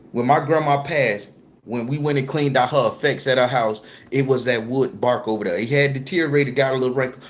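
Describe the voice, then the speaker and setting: A man telling a personal story to camera in a casual, profane way, repeating phrases for emphasis. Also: mid-range voice. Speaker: spiritual content creator.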